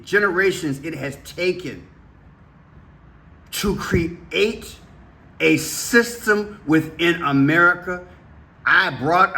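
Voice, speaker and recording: A man's voice: fairly high pitch, bright, forceful tone. A man preaching fervently to his viewers, urgent and impassioned, hammering points with repeated rhetorical questions. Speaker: preacher vlogger.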